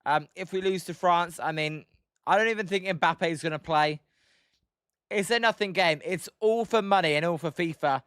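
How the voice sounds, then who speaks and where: A man with a British accent giving excitable live play-by-play commentary as a streamer, greeting viewers and chatting between pitches. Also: moderate pace, smooth, dry recording, clean studio sound. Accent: British English. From Britain. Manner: chatty, excitable, greets viewers and reads chat mid-call.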